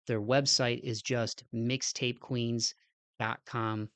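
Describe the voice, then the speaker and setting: A man's voice: mid-range voice, little pitch movement, slow pace, a bit bright, no room sound. A man hosting a podcast, a casual outro, with a nasal, stuffed-up voice, a little out of breath, talking in an earnest, rambling way and often adding "man.". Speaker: podcast host.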